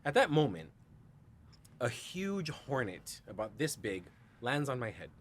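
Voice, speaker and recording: A man speaking as a podcast guest, with a pitch that is neither high nor low for a man. He tells his story in a lively, animated way, full of "like" and self-corrections. A faint noise sits behind him. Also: unhurried. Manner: animated, acts out quoted dialogue with big shifts; frequent "like" and restarts. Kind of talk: personal storytelling.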